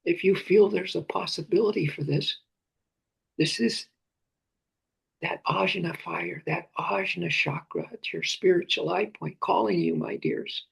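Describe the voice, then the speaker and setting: Slow, gravelly man guiding meditation. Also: sits high. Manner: slow, drifting into breathy whispers; repeats phrases and names softly. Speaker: meditation teacher. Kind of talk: guided meditation talk.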